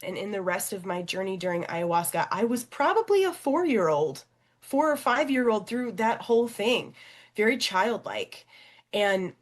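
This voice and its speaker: A young adult woman, a podcast guest and coach, telling a personal story in an animated, expressive way. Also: mid-range voice. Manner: animated and expressive, acting out quoted voices.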